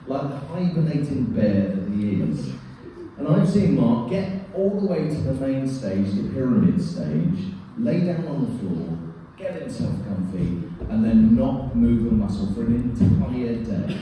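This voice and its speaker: A man giving a comic best man speech at a wedding reception, telling stories with lively timing. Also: medium pitch. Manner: comic storytelling, animated. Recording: echoey hall, distant mic, background noise.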